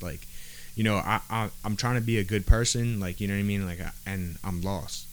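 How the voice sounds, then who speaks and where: A man's voice: fairly low pitch, fairly quick, fairly bright tone. A man on a podcast, telling a personal story in casual street slang, with lots of "bro" and "like" fillers. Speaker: podcast guest.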